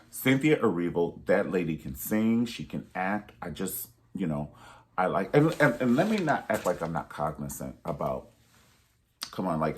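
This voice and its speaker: Man, very low voice, sassy, emphatic, casual movie review monologue. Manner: sassy and emphatic, with pet names and repetition.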